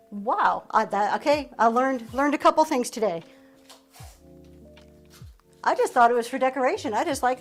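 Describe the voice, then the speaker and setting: A woman's voice: on the high side, expressive, moderate pace, soft background music. A middle-aged woman from Pennsylvania, hosting a live reselling auction in an upbeat, chatty way and thanking her viewers as she goes. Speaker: live-stream reseller host. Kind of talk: live auction selling chat.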